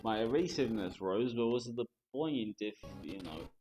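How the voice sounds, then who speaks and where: Brief: a man muttering casual game commentary, mid-pitched and self-mocking. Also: lively intonation, normal speed, mellow, soft background music. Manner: mumbling, self-deprecating, talking to himself. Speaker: streamer.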